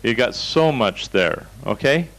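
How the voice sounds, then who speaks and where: A man's voice: medium pitch, lively intonation, measured pace, a bit bright, low-quality recording. A man teaching a seminar over slides, telling folksy anecdotes in a direct, storytelling way. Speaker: seminar instructor.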